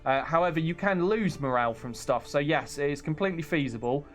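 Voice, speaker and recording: English male streamer, slightly high voice, chatty and self-mocking, faint music behind. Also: fairly quick, a bit bright. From England. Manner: chatty, self-deprecating, laughs often, reads chat aloud. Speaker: game streamer. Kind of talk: casual live-stream chat.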